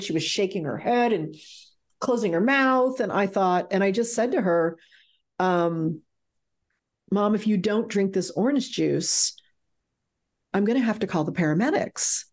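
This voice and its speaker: A woman's voice: lowish voice, darkish tone. A middle-aged woman telling a frank, emotional personal story as an interview guest, swearing freely.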